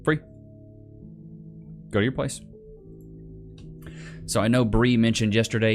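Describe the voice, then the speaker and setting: A man hosting a casual commentary video, chatting in a relaxed, slangy way and talking to his dog between clips. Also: medium pitch, a little slow, long pauses, faint music behind. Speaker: host reacting to clips.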